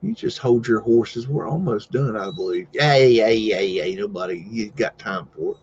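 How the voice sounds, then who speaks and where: A man's voice: on the low side, normal speed, lo-fi sound, slight background noise. A man hosting a live stream, chatting casually and rambling with jokes while looking over old photos. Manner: rambling, joking, easygoing asides and loud exclamations. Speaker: host.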